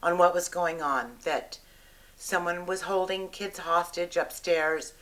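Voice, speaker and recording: An older woman, a retired educator, giving a halting, vivid eyewitness recollection with pauses and fillers. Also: on the low side, steady tone, a bit bright, poor audio. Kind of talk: personal recollection to camera.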